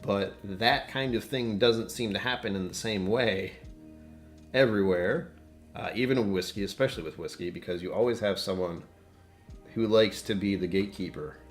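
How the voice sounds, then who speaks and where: A man with a very low voice chats loosely on a home whiskey livestream, wandering between topics and often cutting himself off. Faint music plays under his voice. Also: moderate pace. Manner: rambling, distractible, self-interrupting. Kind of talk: casual livestream chat.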